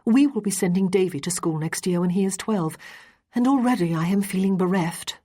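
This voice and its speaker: A woman voicing an earnest, steady Regency lady and mother in an audiobook, speaking in a measured way. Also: mid-range voice, slightly rough, close to an everyday voice.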